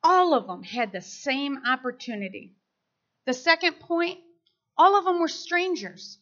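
A middle-aged woman giving a sermon, telling personal stories in an animated way and acting out the voices of people she quotes. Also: high voice, measured pace. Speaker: speaker at church service. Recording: slightly dull lo-fi sound.

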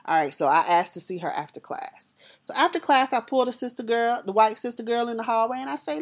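A woman's voice: fairly high pitch, a little fast. Woman, personal storyteller; conversational, talks straight to the audience. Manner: lively, conversational, addresses listeners directly.

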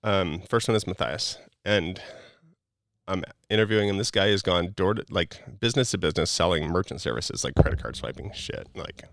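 A man telling personal stories in a casual, animated way, acting out dialogue and using lots of fillers. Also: low voice, normal speed, creaky, no echo, studio quality. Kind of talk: casual storytelling.

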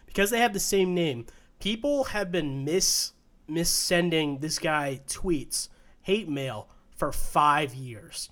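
A man's voice: on the high side, fairly bright tone. A man co-hosting a sports podcast in casual chat, rambling and restarting sentences, laughing easily. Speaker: podcast co-host.

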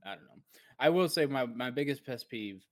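A man's voice: medium pitch, animated, normal speed. A man co-hosting a casual gaming podcast, rambling and acting out his own past reactions as he tells a story. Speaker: podcast co-host.

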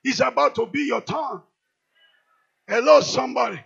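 Raspy high-voiced Nigerian preacher. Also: male voice, moderate pace, dull audio. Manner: swings from quiet storytelling to shouted declarations. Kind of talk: sermon. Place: large church hall.

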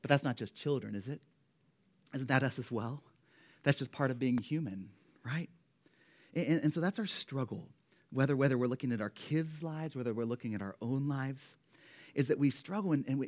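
Earnest pastor with a cough. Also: male voice, mid-range voice, brisk. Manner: earnest and warm, speaking about his children. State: coughing from a cold. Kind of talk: conversational sermon. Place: church sanctuary.

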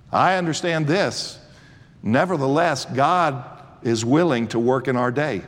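A man's voice: mid-range voice, a little slow, long reverb tail. A man in his sixties preaching a sermon, swelling with fervor and often restarting his sentences. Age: 60s. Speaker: pastor.

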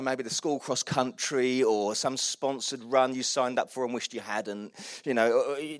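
A middle-aged man gives a sermon in a chatty, joking tone and pokes fun at himself. His voice sits a little high for a man. The recording is close and dry. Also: no room sound. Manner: chatty and self-mocking, with frequent laughs and restarts. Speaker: pastor. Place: church hall.

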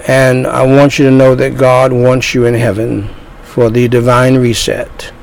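A man preaching an evangelistic sermon, slow and deliberate, drawing out his phrases. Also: mid-range voice, monotone, vocal fry, darkish tone, a little hiss or hum, poor audio.

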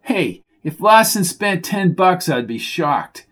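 A man voicing a sarcastic, excitable sidekick at the horse races, full of jokes. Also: high voice, slow pace, slightly rough, pitched above the performer's own voice, exaggerated voice. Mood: wisecracking. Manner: sarcastic and jokey. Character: wisecracking excitable man, a race-betting sidekick.

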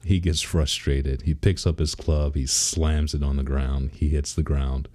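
A man's voice: a bass voice, little pitch movement, unhurried, a little mellow. A man in his thirties, a father, talking casually in a rambling, laid-back way and laughing now and then. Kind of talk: casual personal vlog.

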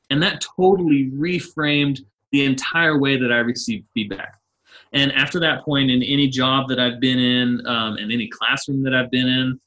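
Animated man telling a classroom story. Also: mid-range voice. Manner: animated storyteller, laughs often, acts out quotes. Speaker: guest, teacher. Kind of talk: casual interview storytelling.

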